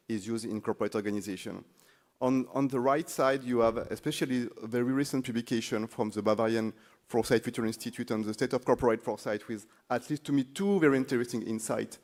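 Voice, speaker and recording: Man, French accent, non-native English, conference panel moderator, halting delivery, mid-pitched. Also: darkish tone. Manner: halting, repeats words, searches for phrasing. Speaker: panel moderator, corporate foresight lead. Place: conference stage.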